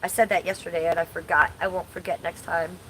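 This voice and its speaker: Woman in her forties hosting a home livestream, slightly low voice, blunt and crude, faint background noise. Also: little pitch movement, fast talker, fairly bright tone, poor audio. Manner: blunt, crude and chatty, reading chat aloud. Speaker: livestream host. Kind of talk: casual livestream chat.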